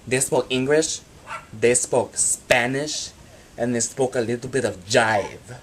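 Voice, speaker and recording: A man telling absurd comic stories about his free time in a deadpan monologue. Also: mid-range voice, unhurried, a little hiss or hum. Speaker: vlogger.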